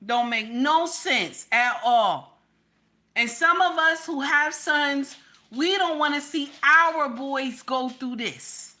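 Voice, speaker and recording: A woman's voice: high-pitched, slow pace, pushed and bright. A middle-aged woman giving casual, emphatic reaction commentary, repeating her points in a preachy way.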